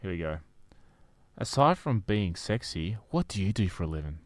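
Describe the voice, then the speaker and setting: A man's voice: low-pitched, big pitch swings, normal speed, no room sound. A young man with an Australian accent, a radio announcer trading teasing jokes on a casual podcast. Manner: joking, teasing banter.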